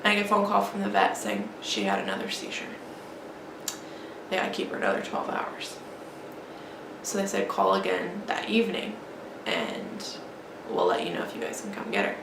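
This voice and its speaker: Woman vlogging, halting and sad, gravelly voice, a bit of room hiss. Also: fairly low pitch, big pitch swings. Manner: halting, grieving, many restarts and fillers. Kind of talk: emotional personal storytelling. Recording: echoey room with faint background noise.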